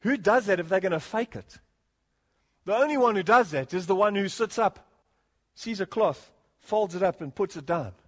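A man's voice: high voice, lively intonation, normal speed, breathy edge. A man preaching an earnest expository sermon, often rising to emphatic points and chuckling between them. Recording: long hall reverb.

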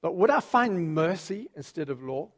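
A man preaching a sermon, telling Bible stories with lively acted-out voices. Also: on the high side, moderate pace. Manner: animated storytelling, acting out quoted voices.

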